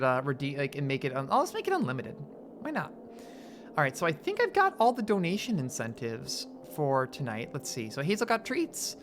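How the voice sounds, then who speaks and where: A woman live-streamer with a lowish voice that leaps all over the place as she talks. She is excitable and swears freely. Faint music plays behind her. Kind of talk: casual live-stream chat.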